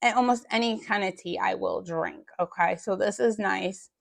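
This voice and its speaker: A middle-aged woman with a rough, gravelly voice chatting casually to viewers as she unpacks a food bank haul, joking in small asides. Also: mid-range voice, normal speed.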